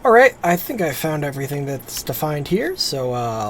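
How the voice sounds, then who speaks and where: A woman streaming a game, chatting casually and getting excited as she plays. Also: low-pitched, normal speed, hardly any pauses.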